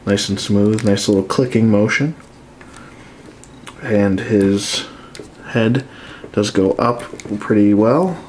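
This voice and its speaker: A man's voice: fairly low pitch, slow, long pauses, darkish tone, a little hiss or hum. A stuffed-up man reviewing an action figure in an easygoing, conversational way. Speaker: toy collector reviewer. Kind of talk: casual toy review.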